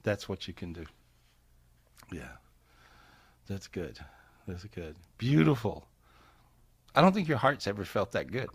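Lowish voiced guy doing spiritual healing on a zoom call, folksy, repeats himself, laughs a lot. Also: big pitch swings, a little slow, long pauses, husky. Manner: warm, folksy, repeats phrases, laughs often. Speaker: spiritual healer hosting live call-in. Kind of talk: casual live call-in session. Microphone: video call.

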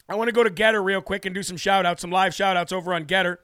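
A man hosting a live political talk show, brash and emphatic, hammering points with repetition and reading out viewer shout-outs. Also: high voice, steady tone, quick pace, few pauses, dry recording, studio quality. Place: New Hampshire studio.

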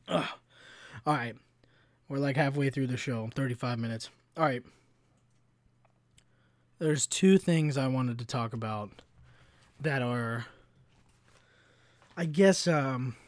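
A man's voice: fairly high pitch, no echo, clean studio sound. A man in his twenties hosting a solo podcast, telling heated, profane stories full of slang. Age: 20s. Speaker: podcast host.

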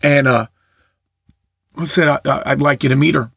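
A man's voice: mid-range voice, fairly even intonation, normal speed, gravelly, husky, no echo. A middle-aged man preaching in a casual storytelling way, often repeating his words. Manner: warm anecdotal, repeats words, laughs at own stories.

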